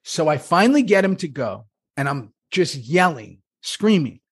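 A man in casual chat, excitedly telling a story and acting out what people said with big jumps in his voice. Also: normal speed, breathy edge. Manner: excitable, acts out quotes with big pitch jumps.

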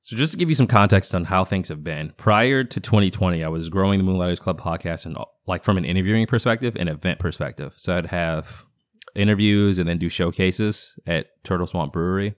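Recorded dry, this podcast host speaks in a low-pitched, brisk voice from his home basement. He's in his thirties, carries a partial Boston accent, and gives a loose solo update, stumbling over fillers and starting sentences over.

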